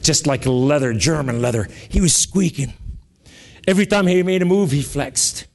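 A man from Lebanon preaching an emphatic testimony sermon with sudden rises and dramatic pauses. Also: on the high side, big-room sound, background noise. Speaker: guest preacher.

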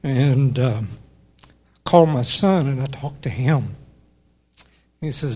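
An older man, a church member, giving a personal testimony in an earnest, halting way with many fillers. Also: medium pitch, mellow, breathy edge. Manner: earnest, pauses often with fillers. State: emotional, voice breaking.

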